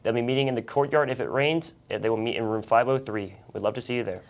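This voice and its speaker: A teenage co-host reads school announcements at a brisk clip. The voice sits mid-range and stays steady and even. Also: medium pitch. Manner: fast, steady reading. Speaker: student news co-host.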